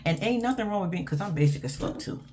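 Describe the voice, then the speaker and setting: A woman's voice: mid-range voice, lively intonation, fast, darkish tone, a little hiss or hum. A woman, casually ranting through a blunt, profane reaction recap as a show host.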